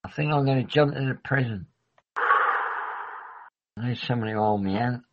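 A man's voice: medium pitch, brisk, noisy background. A man hosting a livestream in casual rambling chat, who swears freely and often trails off mid-sentence. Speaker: livestream host. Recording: dull lo-fi recording.

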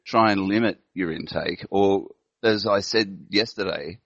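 A man's voice: low-pitched, unhurried, gravelly, dry recording, lo-fi sound. A man hosting a casual online chat show, talking in a rambling way and laughing often. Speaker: host.

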